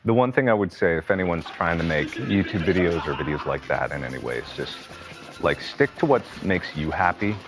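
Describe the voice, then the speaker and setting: Deep-voiced man in his thirties, candid. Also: animated, over music. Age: 30s. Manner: candid, halting with many fillers. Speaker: interview guest. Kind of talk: casual interview.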